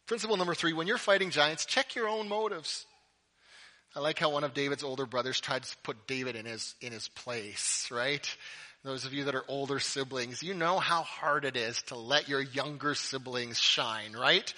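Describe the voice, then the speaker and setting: Bright, animated male preacher. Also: medium pitch, normal speed. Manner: animated, jokey, laughs at own asides. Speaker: pastor. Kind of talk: sermon.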